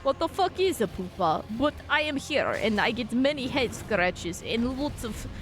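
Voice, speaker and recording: A woman voicing a male Siberian husky dog that speaks halting broken English with a Russian accent. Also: on the high side, sing-song, over music. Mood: grumbling.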